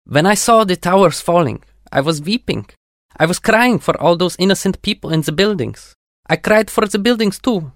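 A man's voice: a little high, expressive, normal speed, no room sound, studio quality, voice pushed up, lightly acted. A man doing a fervent Russian engineer. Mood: grieving. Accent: thick Russian. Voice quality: thick accent, emotional, fervent. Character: Russian émigré structural engineer, older man, earnest and emotional.

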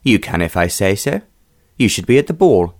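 A man reading aloud, voicing a tall, youngish gentleman who speaks curtly and commandingly, with a disagreeable note. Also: on the low side, sing-song, normal speed. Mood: impatient. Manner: curt, commanding.

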